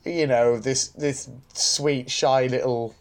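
A man at a middle pitch co-hosts a relaxed podcast conversation. He thinks out loud, repeats words as he gets going and laughs lightly as he goes. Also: slow. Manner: chatty, stumbling restarts and chuckles. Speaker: podcast co-host. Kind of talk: casual chat.

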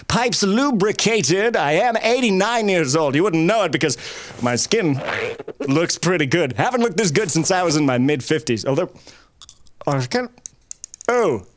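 Guy doing a forgetful old ad pitchman, rambles off script, high voice that swoops around. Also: expressive, normal speed. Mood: rambling. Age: older. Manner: rambling, forgetful, easily sidetracked. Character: scatterbrained 89-year-old male ad pitchman. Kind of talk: improvised comedy sketch.

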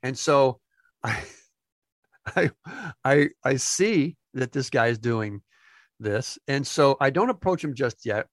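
A man's voice: mid-range voice, takes it slowly, long pauses, no room sound, studio quality. A man in his fifties from New Jersey, a music industry insider telling a casual anecdote and acting out the quotes. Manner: animated storyteller acting out quotes.

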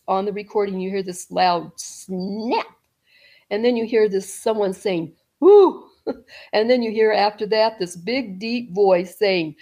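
A middle-aged woman telling a story as an interview guest, rambling, with restarts and soft laughs. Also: mid-range voice.

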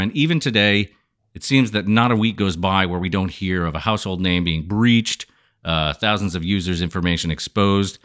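A man hosting a podcast with a smooth voice and a playful, showy manner, joking with his listeners. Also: low-pitched, brisk, fairly bright tone. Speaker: podcast host.

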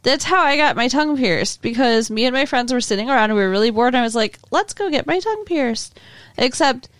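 A woman's voice: on the high side, quick pace, a bit bright, clear, resonant tone, no echo. A woman co-hosting a podcast, chatting casually and bluntly about a TV show, with some swearing. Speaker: podcast co-host. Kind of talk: casual chat reviewing a TV show.

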